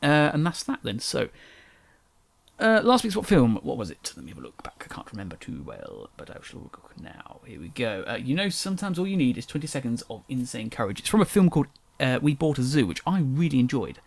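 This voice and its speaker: A young English man who drops his T's chats through his solo podcast, rambling and correcting himself as he goes. His voice has a gravelly fry to it and comes quickly. The sound is dry and close, with no room around it. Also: medium pitch, wildly swooping pitch, no room sound. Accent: English, dropped T's. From England. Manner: rambling, self-correcting, chatty. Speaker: podcast host. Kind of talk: casual solo podcast chat.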